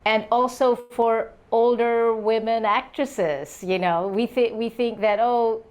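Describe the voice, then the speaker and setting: Unhurried older actress, laughing often. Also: female voice, on the high side, steady tone. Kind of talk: casual interview talk.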